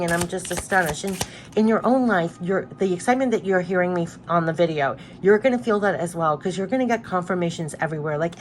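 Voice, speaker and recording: A woman's voice: on the low side, background noise. Tearful, earnest woman reading cards. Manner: emotional, repetitive, earnest, moved to tears. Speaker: tarot card reader. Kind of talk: spiritual card reading.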